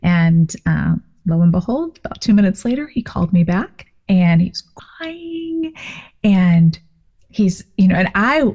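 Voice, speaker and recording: Woman, fifties, podcast guest, animated storytelling, casual interview. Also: lowish voice, unhurried. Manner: animated, expressive retelling with frequent fillers. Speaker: guest, author and parent.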